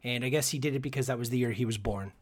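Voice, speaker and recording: A man's voice: mid-range voice, very fast. A man co-hosting a casual sports podcast, chatty, with many fillers and restarts. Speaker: podcast co-host.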